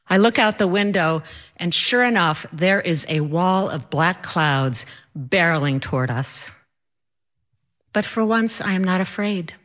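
A woman telling a personal story with animated, comic timing. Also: fairly low pitch.

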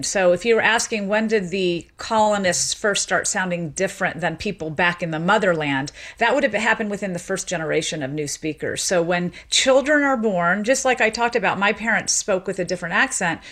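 Woman, from Tennessee, sociolinguist guest, explanatory, filler words. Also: mid-range voice. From Memphis, Tennessee. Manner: explanatory, lively, many fillers. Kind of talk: interview answers.

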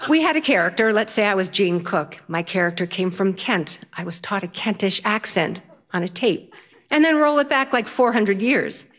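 An older woman storyteller, lively and self-mocking as she tells a funny personal story on stage. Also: mid-range voice, moderate pace.

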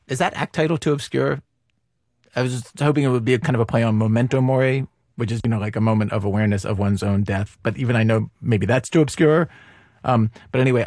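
A man's voice: medium pitch, darkish tone, no room sound, studio quality. A man hosting a public radio show, introducing the program with wry, self-questioning asides.

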